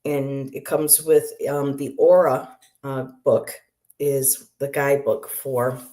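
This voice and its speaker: Tarot lady chatting on a live stream, low voice, takes her sweet time, laughs a lot. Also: little pitch movement, slow, dark tone. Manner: chatty, laughs often, greets viewers. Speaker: tarot reader. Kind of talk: casual livestream chat.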